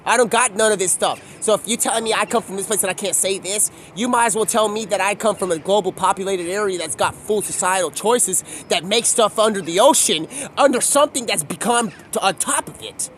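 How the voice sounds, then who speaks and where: A young man in a rambling, profane monologue, excitable and jumping between mumbled asides and loud outbursts. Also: high-pitched, brisk, few pauses, slight background noise.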